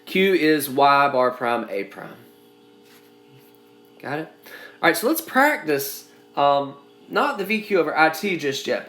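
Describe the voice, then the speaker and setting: Slow, repetitive man in an echoey classroom. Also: mid-range voice, fairly bright tone. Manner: halting, repeats phrases while explaining. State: coughing now and then. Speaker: engineering instructor. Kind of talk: recorded lecture. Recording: echoey room sound.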